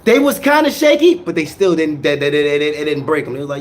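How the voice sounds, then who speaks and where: Talking fast in casual slang, a man with a slightly higher voice tells a rough story with animation. Asides drop to low mutters while the action bursts out loud, and he stutters and repeats words as the story runs away with him.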